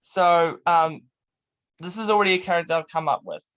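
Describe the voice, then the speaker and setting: Playful young New host. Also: male voice, on the high side, fairly quick, a bit bright. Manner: playful, laughs often. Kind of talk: casual chat.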